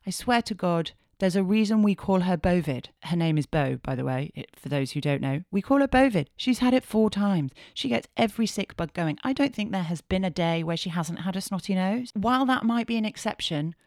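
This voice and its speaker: Low-voiced frank sweary woman podcaster. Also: brisk, few pauses, no room sound, clean studio sound. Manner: frank and sweary, swinging from hushed to animated. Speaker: podcast host. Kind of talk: candid podcast monologue.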